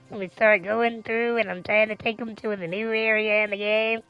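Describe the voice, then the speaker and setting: A woman's voice: medium pitch, flat delivery, normal speed, few pauses, smooth, faint music behind. A woman streamer chatting casually, telling a long story in a rambling, emphatic way and swearing freely. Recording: dull lo-fi mic.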